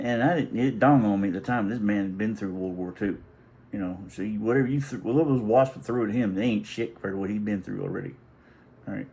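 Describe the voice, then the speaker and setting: A man's voice: low-pitched, gravelly, mellow, a little hiss or hum, poor audio. A middle-aged man telling a family story in a casual, rambling, folksy way, restarting often and swearing now and then. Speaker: vlogger.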